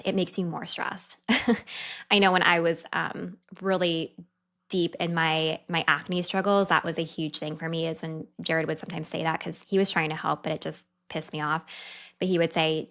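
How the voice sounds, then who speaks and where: A young woman, a dietitian, hosting her own podcast in a candid, chatty way with quick asides. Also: on the low side, steady tone, fairly bright tone. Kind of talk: casual solo podcast talk.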